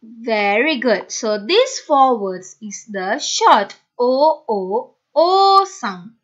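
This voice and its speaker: Woman phonics teacher, very slow, high voice, sounds out letters, repeats words, dull lo-fi recording. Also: a bit bright. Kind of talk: children's phonics lesson.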